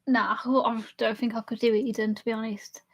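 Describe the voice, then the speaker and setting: A woman's voice: fairly high pitch, level tone, a little fast. A young woman live streamer chatting casually with her chat and laughing often while she drinks. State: drinking alcohol.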